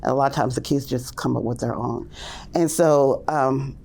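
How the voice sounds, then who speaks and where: A woman early childhood teacher telling classroom stories in a casual podcast interview, loosely and with many fillers, acting out the little exchanges in hushed or lifted voices. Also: steady tone, moderate pace, creaky. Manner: acts out classroom talk in hushed and high voices.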